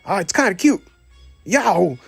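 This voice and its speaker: A man voicing a nervous stretchy toy dog who barks out hushed warnings in a storybook reading. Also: sits high, animated, a little slow, vocal fry, slightly rough, no room sound, faint music behind, voice pushed up, full character voice. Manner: barking, hushed.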